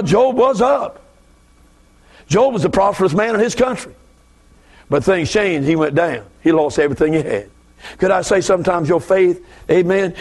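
A man with a Southern US accent preaching a fervent revival sermon as a guest preacher, dropping to low asides and rising to shouted bursts.

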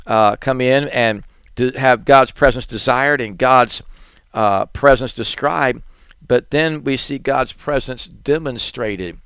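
A man's voice: medium pitch, fairly bright tone, smooth, no echo. A male preacher delivering a sermon with rhythmic, repetitive phrasing, his volume swelling and falling as he reads and chants scripture. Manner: chanting litanies and reading scripture aloud.

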